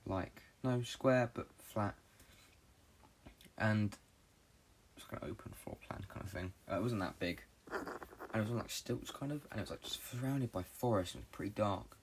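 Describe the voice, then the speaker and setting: Young guy rambling thru a dream story fast, kinda low voice, faint clicks in the background. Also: a little hiss or hum. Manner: fast, rambling, frequent swearing and fillers. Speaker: podcast host.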